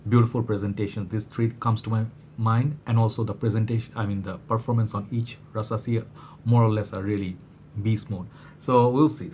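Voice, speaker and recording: A man from Bangladesh talks through a fragrance review in a loose, rambling way, full of fillers and restarts. His voice sits on the low side and sounds a little worn. There is a faint hum of room ambience behind him. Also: fairly even intonation, fairly quick, a little mellow. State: slightly worn voice. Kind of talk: casual product review vlog.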